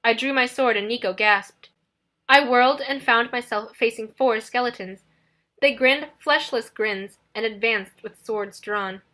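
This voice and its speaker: A woman narrating an audiobook in the first person, in a steady, dramatic storytelling manner. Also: a little high, unhurried.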